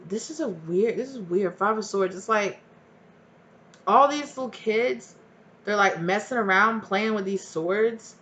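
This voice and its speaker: A woman's voice: medium pitch, a little slow, fairly bright tone. Chatty, blunt woman tarot reader. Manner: chatty and blunt, swears freely, rambles. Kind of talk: casual tarot reading to viewers.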